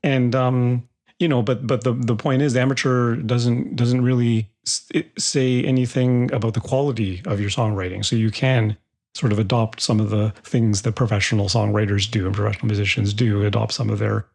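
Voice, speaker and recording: Gravelly-voiced male podcast host. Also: mid-range voice, little pitch movement, moderate pace, darkish tone. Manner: rambling, many restarts and fillers. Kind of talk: casual interview chat.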